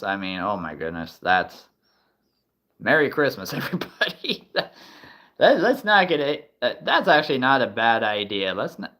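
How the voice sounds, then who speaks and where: A man's voice: fairly low pitch, sharp tone. A man hosting a casual livestream from a relative's house, rambling and chuckling between remarks. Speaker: livestream host. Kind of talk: casual live-stream chat.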